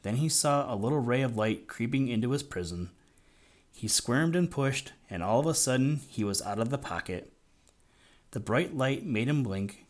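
A man narrating a children's audiobook in a measured, gently expressive storytelling manner. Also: mid-range voice.

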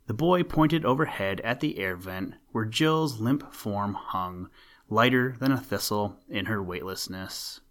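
A man narrating a storybook in a measured, even reading voice. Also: fairly low pitch.

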